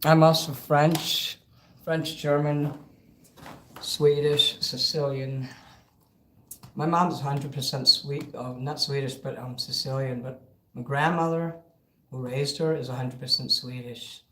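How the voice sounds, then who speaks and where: A man's voice: medium pitch, steady tone, unhurried, a bit bright. A man hosting a karaoke livestream, chatting casually between songs, rambling and thanking viewers by name. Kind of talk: casual live-stream chat between songs.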